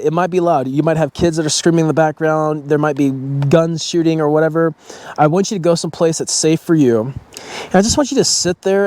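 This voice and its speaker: A man with a slightly high voice and darkish tone vlogs about breathing in a casual motivational style. He's blunt, curses freely, and speaks right to the people watching.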